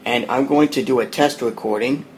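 A man hosting a podcast, walking listeners through an app in a relaxed, plain explaining tone. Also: medium pitch, moderate pace, very noisy. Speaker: podcast host demoing an app. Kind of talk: casual spoken app walkthrough.

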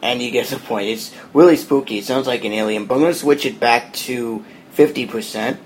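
A man hosting a podcast, walking listeners through an app in a relaxed, plain explaining tone. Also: mid-range voice, a little fast, a little hiss or hum. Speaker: podcast host demoing an app. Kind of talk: casual spoken app walkthrough.

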